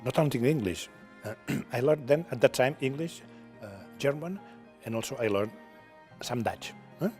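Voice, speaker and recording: An older man from Catalonia, a native Catalan speaker with a Catalan accent, answering interview questions in halting English, repeating words and ending thoughts with "okay?". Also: medium pitch, expressive, a little mellow, faint music behind. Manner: halting, repeats words, frequent "okay?" tags, laughs often. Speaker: television producer, guest.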